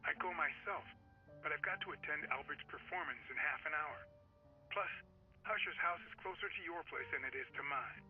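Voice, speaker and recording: A pushy male publisher colleague in a video game, coaxing and urgent, as a man voices him. His fairly high voice comes through a thin, tinny phone line. Faint game music hums underneath. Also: fairly quick, natural voice.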